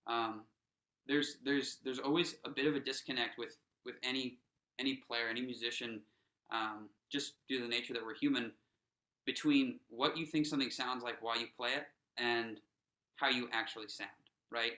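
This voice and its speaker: A man of middling pitch coaches drummers through a workshop, talking loosely with plenty of "um" and "you know" and counting the group in. His voice is bright and forward. The room around him rings with a roomy echo. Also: fairly even intonation, normal speed. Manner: casual, encouraging, many fillers and restarts; counts players in aloud. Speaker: snare drum instructor. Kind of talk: teaching a workshop lesson.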